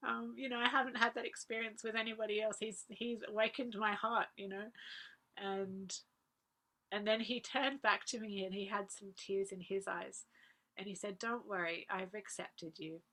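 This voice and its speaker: A woman, earnestly recalling personal memories as a guest speaker, laughing softly now and then. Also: medium pitch, steady tone, normal speed. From Australia. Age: 40s. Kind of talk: personal reminiscence talk.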